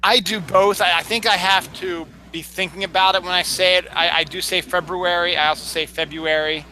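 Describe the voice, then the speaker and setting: Very bright, high-voiced man. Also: fairly even intonation, a little fast, a little hiss or hum, rough recording. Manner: chatty, explanatory. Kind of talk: casual pronunciation chat.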